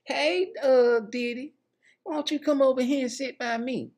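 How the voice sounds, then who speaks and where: Man putting on a female pop star, high falsetto, coy, flirty, teasing. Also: fairly even intonation, moderate pace, a little mellow.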